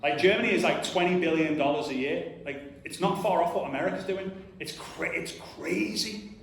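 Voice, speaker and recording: A man's voice: a little high, a little fast, slight background noise. A man in his thirties giving an earnest, emphatic motivational talk to an audience, often saying "like" and acting out little voices. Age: 30s. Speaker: conference speaker. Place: large hall before an audience. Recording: echoey hall, distant mic.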